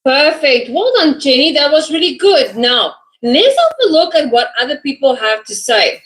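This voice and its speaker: A woman's voice: sits high, very animated, moderate pace, a bit bright, rough recording. A woman teaching English over a video call, prompting her student and praising each answer. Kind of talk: online lesson.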